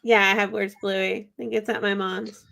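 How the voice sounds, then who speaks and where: A woman guest on a casual podcast, teasing and playful in her talk. Her voice carries a gravelly fry. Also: mid-range voice, level tone, normal speed, a bit bright. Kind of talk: casual chat.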